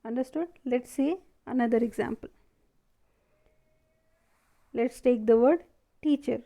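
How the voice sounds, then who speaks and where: Woman, classroom teacher, mellow tone, unhurried, answers her own questions. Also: on the high side, vocal fry. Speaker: primary school teacher. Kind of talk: classroom lesson video.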